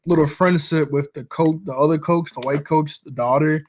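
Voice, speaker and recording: A man's voice: fairly high pitch, fairly even intonation, normal speed, a little mellow. A man chatting casually about movies he likes, rambling along, often chuckling as he retells scenes. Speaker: vlogger.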